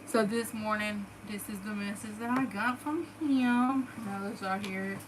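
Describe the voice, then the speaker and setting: A woman's voice: medium pitch, steady tone, a little slow. Southern woman vlogger, chatty and emotional, casual storytelling, faint background hiss. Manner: chatty, emotional, lots of "like" fillers.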